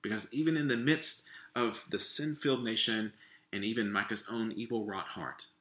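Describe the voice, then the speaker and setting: A man's voice: lowish voice, normal speed, pushed and bright, roomy sound. A male pastor reading scripture and preaching a sermon, repeating his key points for emphasis. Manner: reads scripture, then preaches with numbered points and repetition.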